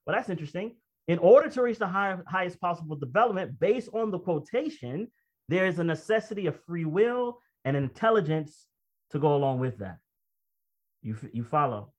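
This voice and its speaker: A man preaching a sermon, reading quotations slowly and then commenting in a conversational, emphatic way with personal stories. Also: sits high, expressive. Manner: reads quoted text slowly, then comments conversationally and emphatically, often laughing. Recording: dull lo-fi recording.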